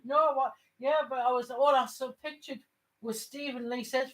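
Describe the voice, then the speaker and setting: A woman at a medium pitch, chatting on a casual home vlog. She rambles through her stories, stopping and restarting her sentences and circling back to repeat herself. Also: fairly even intonation, normal speed, low-quality recording. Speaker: vlogger. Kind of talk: casual chat.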